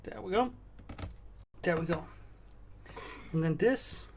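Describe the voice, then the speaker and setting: Speaking slowly in a high voice, a man hosts a casual cooking livestream from his home kitchen, answering viewers in chat and musing as he cooks, with slight background noise behind him.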